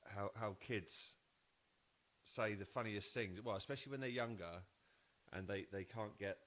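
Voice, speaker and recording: A man, co-hosting a casual podcast chat and telling family stories with animated laughter. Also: on the low side, measured pace. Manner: animated storyteller, acts out voices with laughter. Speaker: podcast co-host.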